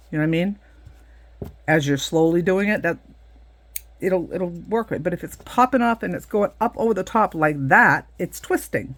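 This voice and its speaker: Middle-aged woman, how-to teacher, chatty and loose, gravelly low voice. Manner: chatty, explains hands-on with many asides. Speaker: craft teacher. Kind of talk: casual how-to demonstration.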